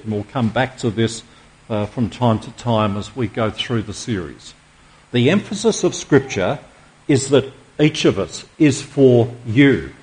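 A man's voice: medium pitch, a little mellow. Emphatic middle-aged male pastor preaching. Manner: emphatic, with slowed dramatic stresses and rhetorical questions. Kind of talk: sermon.

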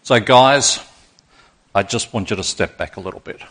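Male pastor, lowish voice, preaching a lively sermon to a church auditorium. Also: moderate pace. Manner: rousing, draws in congregation.

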